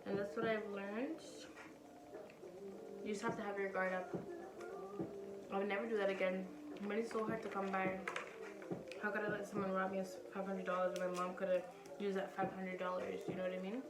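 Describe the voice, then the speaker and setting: A woman's voice: mid-range voice, level tone, fairly quick, pauses often. Chatty young woman in an echoey room. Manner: candid, chatty, acts out other people's lines. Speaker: vlogger. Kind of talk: casual storytelling to camera. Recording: roomy, distant from mic, background noise.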